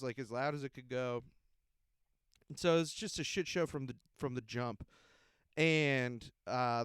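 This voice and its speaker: Smooth-voiced man rambling through a story. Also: mid-range voice, a bit bright, no room sound, clean studio sound. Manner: rambling, laughing, swears freely. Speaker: podcast host. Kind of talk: casual comedic storytelling.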